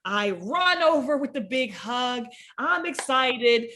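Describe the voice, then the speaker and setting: A woman co-hosting a casual podcast chat, excitable and quick to laugh. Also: high voice. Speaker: podcast co-host.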